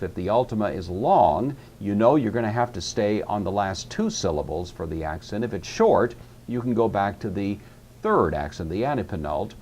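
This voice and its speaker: A man's voice: lowish voice, a little mellow, slight background noise. A man teaching a classroom lecture on Greek grammar, explaining rules patiently and methodically with frequent hesitations.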